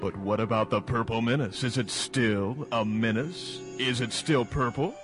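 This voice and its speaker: A man's voice: medium pitch, moderate pace, over music. A man announcing a comedy radio serial, theatrical and punning. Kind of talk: mock-dramatic serial announcing.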